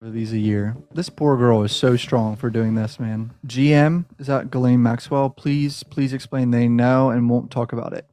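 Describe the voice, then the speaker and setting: A man's voice: medium pitch, moderate pace, hardly any pauses. Man reading aloud with shocked asides. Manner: reads flatly, breaks off with shocked asides. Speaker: host reading and reacting to documents. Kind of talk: casual reaction stream, reading aloud.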